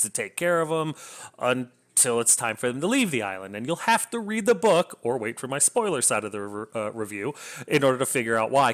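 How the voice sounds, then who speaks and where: A man's voice: medium pitch, a bit bright. A man casually reviewing a novel, enthusiastic and rambling, often restarting his sentences. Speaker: book reviewer.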